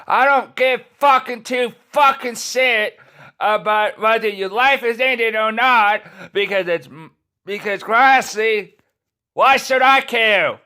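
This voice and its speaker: A man's voice: very high voice, takes it slowly, sharp tone, clear, resonant tone. A man delivering a furious, profanity-filled rant to the camera, swearing nonstop and tripping over his words. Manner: furious, swearing constantly, stumbling restarts.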